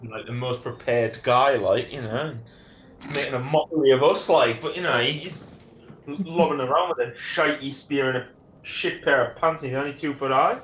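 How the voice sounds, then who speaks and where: A man's voice: medium pitch, normal speed, a bit bright, a little hiss or hum. Man, tabletop player, laid-back jokey chat, echoey room, muffled sound. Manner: laid-back and joking, with many fillers. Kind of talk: casual chat in a tabletop game.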